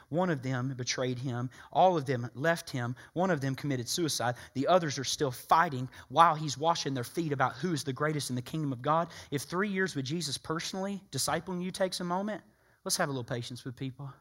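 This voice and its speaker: A man preaching a sermon, emphatic and animated, acting out people's voices. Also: medium pitch.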